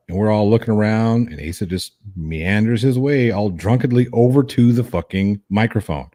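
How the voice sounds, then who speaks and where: Animated, laughing male storyteller. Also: on the low side, moderate pace, no room sound, studio quality. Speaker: host. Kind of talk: casual storytelling chat.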